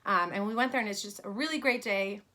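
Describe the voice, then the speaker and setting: A woman's voice: medium pitch, fast, pushed and bright. A woman in her thirties from New York, telling a personal story in a casual vlog about her fashion brand, chatty with many fillers.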